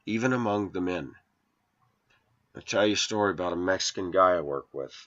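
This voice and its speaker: A man's voice: sits low, expressive, a little fast, fairly bright tone. A man in his forties from the United States, talking through a long, earnest and aggrieved personal monologue as a vlogger. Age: 40s. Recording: dull lo-fi recording.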